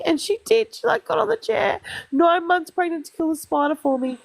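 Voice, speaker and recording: A woman's voice: very high-pitched, animated, brisk, gravelly, no echo. An Australian woman guesting on a livestream, chatting casually and telling rambling stories with blunt, swearing asides into a phone mic. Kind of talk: casual chat.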